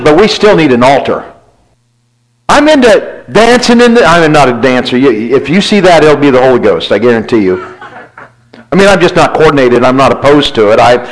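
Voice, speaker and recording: A man's voice: mid-range voice, rough recording. A man preaching a sermon as pastor, telling a personal story in a confessional, self-deprecating way and acting out his conversations with God. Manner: storytelling, acts out dialogue with God.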